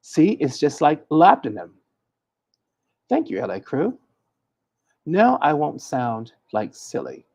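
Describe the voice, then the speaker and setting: A man hosting a casual livestream in a husky, gravelly voice with a mellow tone. His pitch swings widely as he teases himself over tricky words. He talks in loose, stumbling restarts. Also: takes it slowly, long pauses. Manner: playful, teasing himself over hard words; animated, stumbling through restarts. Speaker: host giving hoodoo readings and advice. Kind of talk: casual livestream chat, reading from the chat.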